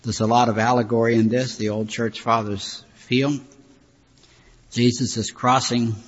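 An older pastor preaches a sermon in a folksy, conversational style full of asides. His voice is mid-range and husky, and the recording is dull and lo-fi with hall reverb.

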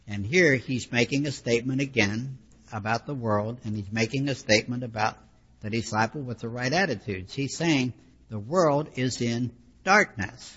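In a long, reverberant hall captured on dull lo-fi audio, a man explains scripture during a sermon, teaching conversationally and stepping into frequent asides. His voice sits mid-range, fairly bright and husky, at a normal speed.

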